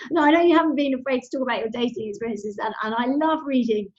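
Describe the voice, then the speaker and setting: A woman hosting a podcast, telling personal stories in a lively, conversational way. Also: high-pitched, quick pace. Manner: lively, anecdotal storytelling. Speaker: podcast host. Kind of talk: conversational interview. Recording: slightly dull sound.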